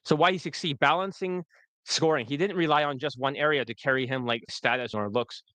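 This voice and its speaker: A man's voice: on the high side, fairly even intonation, a little fast, pushed and bright, dry recording. A man coaching on dating in a livestream replay, blunt and profane, with a loose and rambling delivery.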